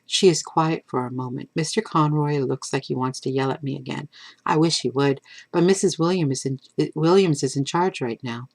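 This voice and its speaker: A woman reads her own novel aloud to a class, voicing the narrator expressively in the first person. Her voice sits low and even. The recording is close and dry, with no room sound. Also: moderate pace, dry recording. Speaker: author reading her own book. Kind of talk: reading a novel aloud to students.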